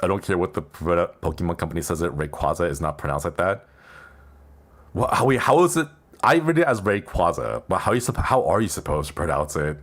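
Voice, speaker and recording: A man's voice: deep voice, sing-song, fairly quick, fairly bright tone. A man streaming casually, rambling in a playful way and laughing often; English is not his first language. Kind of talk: casual live-stream chat.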